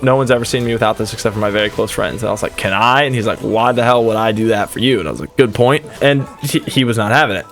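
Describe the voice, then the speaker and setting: A young adult man, a streamer, telling a rambling, self-deprecating story in a casual way, full of quick asides. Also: mid-range voice.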